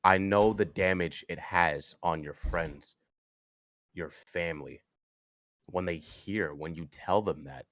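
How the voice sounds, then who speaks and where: A young man on a podcast, telling a personal story earnestly, haltingly, with frequent restarts. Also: deep voice, fairly bright tone, dry recording, clean studio sound. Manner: earnest, halting, with many restarts and "you know". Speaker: podcast guest.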